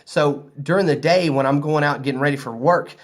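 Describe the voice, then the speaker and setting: A man's voice: a little high, a little fast. A man from the American South with a Southern accent, telling a rambling, easygoing story to camera in a hotel room. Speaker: vlogger.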